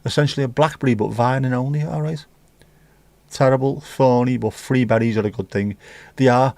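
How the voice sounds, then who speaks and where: A man's voice: medium pitch, fairly even intonation, a little fast, vocal fry, a little mellow, no room sound. A man hosting a casual livestream, chatting cheekily with viewers and reading their messages. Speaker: livestream host reading chat. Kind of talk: casual chat. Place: home room.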